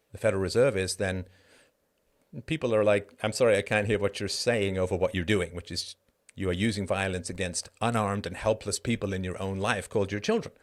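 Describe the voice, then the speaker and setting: A middle-aged man speaks as an interview guest, his voice sitting a little low. He argues emphatically, piling up repeated phrases and breaking off into quick asides. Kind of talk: conversational interview monologue.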